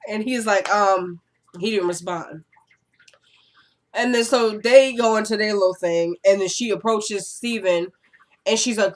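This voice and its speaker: A woman's voice: medium pitch, unhurried, pauses often. A woman recapping a TV drama episode in a casual, chatty way, acting out the characters' lines while she has a cold. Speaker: TV recap vlogger. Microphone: camera.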